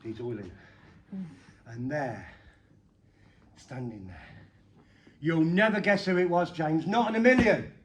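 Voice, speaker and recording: A middle-aged man performing a comedy magic act, bantering playfully with the crowd and breaking into sudden loud bursts. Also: fairly high pitch, animated, slow pace, long pauses, a little hiss or hum.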